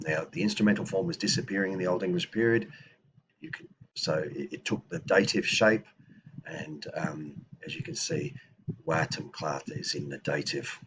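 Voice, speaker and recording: A man teaching a language lesson, thinking aloud with restarts and slowing down to spell out example phrases. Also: a bass voice, steady tone, background noise. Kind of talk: explanatory lesson.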